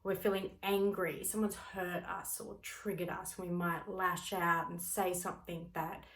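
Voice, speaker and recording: A woman's voice: fairly low pitch, unhurried. A woman who is a parent and works with clients, giving a motivational teaching talk and acting out everyday scenes as she explains. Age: adult parent. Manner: expressive, acts out everyday scenes. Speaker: speaker on personal growth, works with clients.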